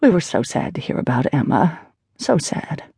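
A woman's voice: sits low, very animated, moderate pace, creaky, mellow, husky, no room sound, clean studio sound, exaggerated voice. A woman voicing a chatty, gossiping older mother who gushes as she talks, for an audiobook. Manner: chatty, gushing.

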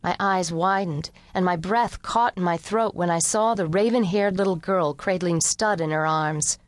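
A woman's voice: fairly low pitch, normal speed, no echo. Woman narrating a wry first-person mystery. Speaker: audiobook narrator.

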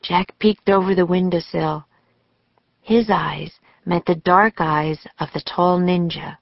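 Brief: woman narrator for a kids' audiobook, low and slow, dry slightly dull studio recording. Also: fairly even intonation, vocal fry, no echo. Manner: slow, deliberate storytelling. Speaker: author and narrator.

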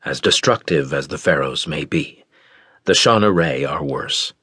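A man's voice: very deep voice, unhurried, pushed and bright, breathy edge, no echo, clean studio sound, pitched below the performer's own voice, heavily acted. A man narrating voices a solemn, resolute male emperor.

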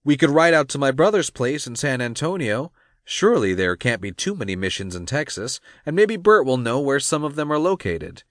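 A man's voice: medium pitch, big pitch swings, normal speed, no room sound, clean studio sound, voice pushed up, close to an everyday voice. A man voicing a reserved, polite young rancher in an audiobook. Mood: calm.

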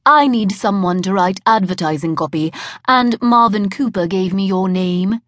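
A woman's voice: mid-range voice, normal speed, no room sound, clean studio sound, natural voice. A woman putting on a haughty fake-British businesswoman. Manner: haughty, presumptuous. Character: pushy self-important woman with phony British accent. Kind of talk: audiobook character voice.

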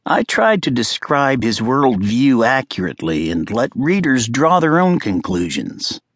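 A man voicing a cerebral male author who lectures an audience in a measured, detached way in an audiobook. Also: mid-range voice, sing-song, no echo, studio quality.

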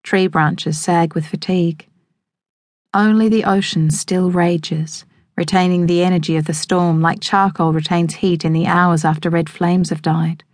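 A woman reads a novel in the first person, measured and evocative. Her voice sits fairly low for a woman. The studio sound is close and dry. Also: fairly even intonation, dry recording. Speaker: audiobook narrator. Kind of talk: scripted first-person narration. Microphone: close studio microphone.

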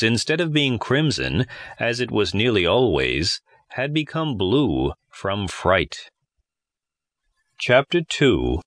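A man narrating a classic children's storybook in a measured, expressive reading on a close mic. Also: lowish voice, dry recording. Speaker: audiobook narrator.

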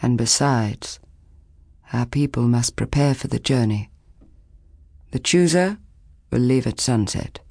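A woman's voice: very deep voice, lively intonation, slow, creaky, long pauses, darkish tone, dry recording, exaggerated voice. Woman playing a firm, commanding old village elder. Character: stern old village woman leaning on a stick.

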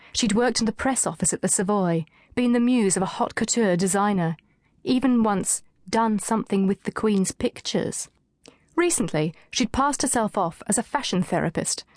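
A woman narrating an audiobook in a wry, brisk storytelling manner, close to the mic. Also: medium pitch, a little mellow, no room sound.

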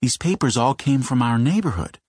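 A man voicing an excitable, imaginative young boy calling out to his friend. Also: mid-range voice, normal speed, no echo, clean studio sound, close to an everyday voice. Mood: eager.

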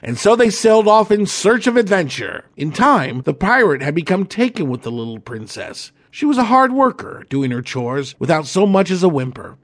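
A man narrating a children's adventure audiobook in an expressive, animated way. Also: a little high, normal speed, hardly any pauses.

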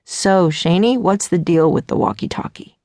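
A woman's voice: lowish voice, normal speed, a little mellow, no room sound, clean studio sound, natural voice. A woman voicing a cocky, teasing teenage boy. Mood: playful. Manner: teasing, laid-back drawl.

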